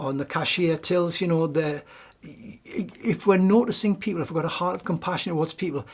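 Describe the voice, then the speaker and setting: Middle aged geordie guy doing a gentle reflective talk, bit higher voice, lots of stops and restarts. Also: husky. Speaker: speaker giving a weekly message. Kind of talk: devotional talk.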